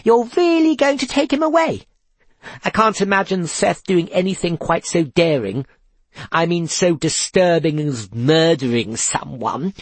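A man reading a story aloud and voicing a scheming young woman who gushes with false concern in a low, breathy voice. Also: unhurried, dry recording. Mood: syrupy, gleeful. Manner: gushing, syrupy, mock-sympathetic.

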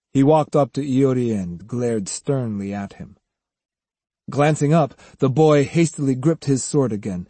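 Expressive guy reading an audiobook, husky and kinda dark, dry close sound. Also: medium pitch, measured pace, dry recording. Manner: expressive, acts out each character. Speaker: audiobook narrator. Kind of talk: scripted narration.

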